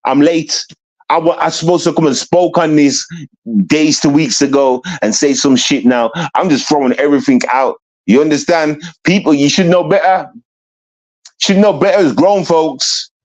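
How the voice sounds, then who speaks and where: Speaking at a normal speed in a slightly high, slightly mellow voice, a man vlogs a ranting commentary, staring down the camera bluntly and confrontationally and repeating points to drive them home.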